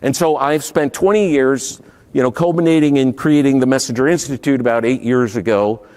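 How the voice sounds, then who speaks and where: A middle-aged man giving a motivational keynote talk, asking the audience questions and swinging from loud to hushed. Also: medium pitch, brisk. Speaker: keynote speaker. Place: large hall before a live audience. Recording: long hall reverb.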